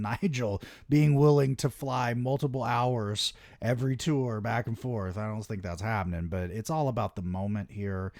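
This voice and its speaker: A young man hosting his own wrestling talk show, talking in a low voice that swings up and down as he gets fired up. He swears constantly and rants with eager enthusiasm. The sound is close and dry, with no room around it. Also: no room sound. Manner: excitable, heavy swearing, animated rants. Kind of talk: casual solo commentary.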